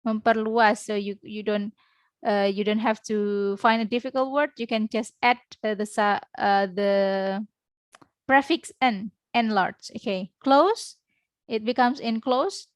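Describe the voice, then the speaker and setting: A woman with an Indonesian accent, an English teacher giving an online class lecture, explaining word by word with many pauses. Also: a little high, no echo.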